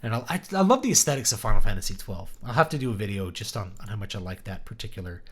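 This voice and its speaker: A man's voice: on the low side, expressive, racing, husky. A man from East Texas, an author hosting a casual livestream, chatting enthusiastically and answering viewer questions in loose rambling asides. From East Texas, USA.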